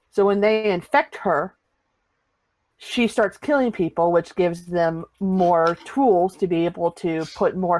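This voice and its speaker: A woman's voice: on the low side, darkish tone, dry recording, low-quality recording. A woman guest on a review podcast, talking with dry, teasing sarcasm. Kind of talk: casual review chat.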